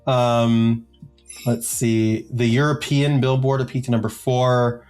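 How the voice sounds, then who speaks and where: A man's voice: mid-range voice, level tone, takes it slowly, darkish tone, clear, resonant tone. A podcast co-host talks through a long list of chart positions in an easygoing, rambling way. He fills gaps with ums and throws in silly jokes between entries. Faint music sits under the voice. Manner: jokey, rambling, many filler ums. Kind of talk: casual chat, reading out chart positions.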